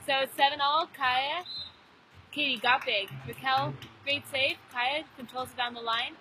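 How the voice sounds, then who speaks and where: Teen girl commentator, higher voice, chatty with jokes, noisy outdoor venue. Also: unhurried. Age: teens. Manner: chatty, joking asides. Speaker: volleyball commentator. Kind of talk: live sports commentary. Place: outdoor beach volleyball event.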